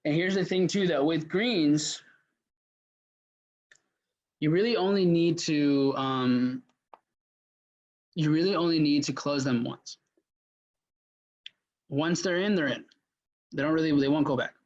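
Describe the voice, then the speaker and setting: A man's voice: on the high side, slow pace, long pauses, darkish tone. A man leading a casual sales workshop lecture, chatty and full of fillers and restarts. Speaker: mentor teaching a sales workshop. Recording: dull lo-fi audio.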